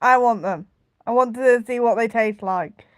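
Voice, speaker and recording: A woman's voice: fairly high pitch, normal speed. A woman chatting playfully and incredulously while roasting a cartoon with a friend. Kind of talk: casual reaction chat.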